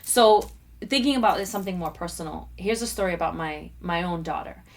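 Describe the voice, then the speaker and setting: Woman telling stories with lively quoted voices. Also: lowish voice, brisk. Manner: animated storyteller, acts out quoted voices. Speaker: guest motivational speaker. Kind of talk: conversational interview.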